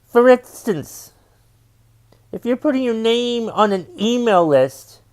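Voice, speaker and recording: A man's voice: extremely high pitch, expressive, slow, darkish tone, clean tone. A man who hosts his own podcast as a stand-up comedian, ranting in an exasperated, profane way and repeating his refrains. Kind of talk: comedic rant.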